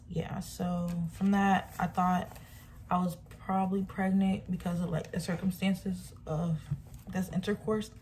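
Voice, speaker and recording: A young woman speaks in a somewhat low voice, telling her personal testimony in an earnest, emotional way. She talks casually and fills her sentences with "like". A faint hiss of background noise sits under the recording. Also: darkish tone. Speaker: vlogger sharing faith testimony.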